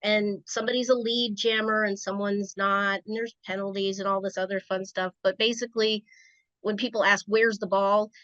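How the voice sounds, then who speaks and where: A woman's voice: mid-range voice, level tone, normal speed, fairly bright tone, no echo. A woman from Rhode Island, a podcast guest, telling stories in a chatty, casual way. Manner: chatty, storytelling. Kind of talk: casual interview chat. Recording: dry, dull lo-fi sound.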